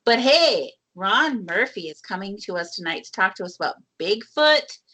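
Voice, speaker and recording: Woman, Minnesotan accent, radio host, bright tone, chatty. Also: medium pitch, animated, moderate pace. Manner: chatty, laughs easily. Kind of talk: casual chat.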